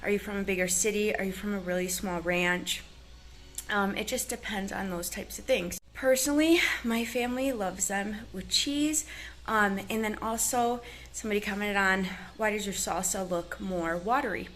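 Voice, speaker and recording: A woman's voice: mid-range voice, moderate pace, fairly bright tone. A woman vlogging casually on her ranch, talking earnestly and chattily with lots of fillers. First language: English. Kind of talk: casual chat to camera. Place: ranch in Mexico.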